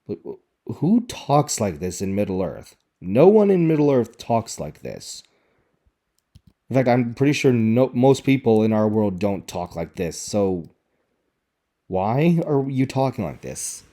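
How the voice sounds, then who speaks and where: A man's voice: medium pitch, expressive, unhurried, dark tone. A man giving sarcastic, exasperated commentary as he picks apart a show's dialogue. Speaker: video reviewer. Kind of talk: critical commentary on show dialogue.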